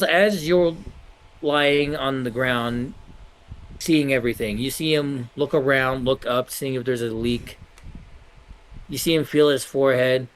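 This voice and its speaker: A man's voice: medium pitch, rough recording. Man narrating a tabletop game. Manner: loose, halting, with many self-corrections. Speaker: game master.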